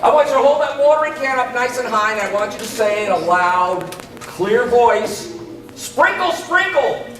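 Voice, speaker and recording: A man's voice: very high-pitched, moderate pace. A man presenting a playful gardening routine to young children, teasing them and leading call-and-response. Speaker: extension educator performing a gardening routine for children. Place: large indoor hall with a children's audience. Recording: echoey hall from far off, loud children in the crowd.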